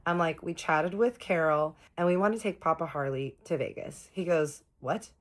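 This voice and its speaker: Woman, very deep voice, chatty storytime narrator who quotes everyone herself. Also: moderate pace. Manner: chatty, quoting others in her own voice.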